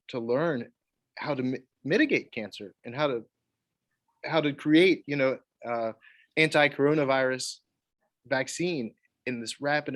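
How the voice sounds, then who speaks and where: A man, leading a church Bible study, animated and acting out quoted voices. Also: fairly high pitch. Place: church meeting room.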